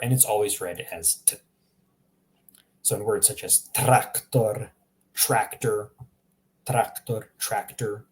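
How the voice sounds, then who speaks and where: Man, language teacher, live online lesson, slow unhurried pace, patient, repeats each word. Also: medium pitch, darkish tone. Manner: patient, repeats words slowly and answers chat viewers.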